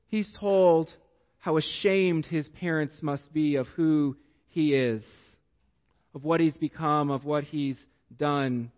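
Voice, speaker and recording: A male pastor preaching a sermon in a church sanctuary, telling a story slowly and deliberately with long pauses, in an echoey hall with dull, lo-fi sound. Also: fairly high pitch.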